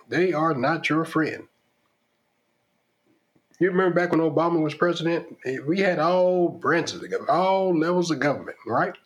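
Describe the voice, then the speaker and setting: A man hosts a podcast monologue, laying out his opinions in an emphatic, preachy way. His voice sits a little high and moves around a great deal. He keeps pressing his points with repeats and rhetorical questions. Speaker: podcast host.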